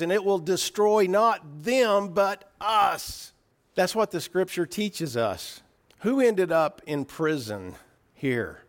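A man preaching an earnest sermon, often repeating and restarting his phrases as he reasons through a scripture passage. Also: fairly high pitch.

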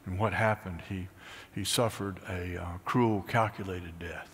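A pastor preaching a sermon, swinging from high, excited bursts to hushed, near-whispered lines. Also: male voice, a little slow, long reverb tail, a little hiss or hum. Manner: animated, rising to high excited peaks then dropping to hushed near-whispers.

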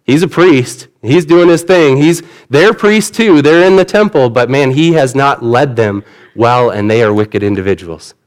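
A man's voice: medium pitch, unhurried. A man preaching a sermon in an earnest, conversational way, retelling the story in everyday words. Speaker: pastor.

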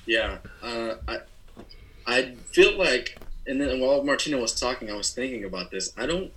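A man's voice: medium pitch, expressive, normal speed, a bit bright, poor audio. A man in his thirties, a former player, speaking earnestly and reflectively as a guest. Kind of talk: casual interview.

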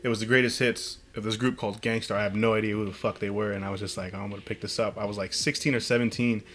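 A man's voice: lowish voice, steady tone, very fast, a bit bright, a little hiss or hum. A man hosting a casual podcast chat, telling rambling stories and swearing freely. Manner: rambling storytelling, frequent swearing.

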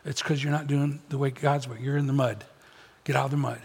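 A man's voice: mid-range voice, level tone, fairly quick, vocal fry, a little mellow, husky. A middle-aged man preaching a sermon as pastor, blunt and conversational with touches of humor. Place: church auditorium. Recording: long hall reverb.

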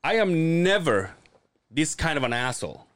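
A man's voice: fairly high pitch, very animated, normal speed, a bit bright, no echo. A man co-hosting a podcast, telling a story in casual chat, swearing and acting out the lines of the people in it. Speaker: podcast co-host.

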